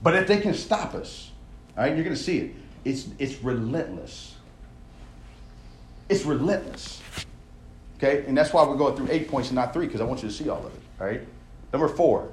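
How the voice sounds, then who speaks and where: A man's voice: medium pitch, a little hiss or hum. A young man, a coach, giving an emphatic, conversational sermon and checking in often with his listeners. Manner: emphatic, conversational preaching with frequent "all right?" check-ins. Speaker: coach leading a devotional. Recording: echoey room.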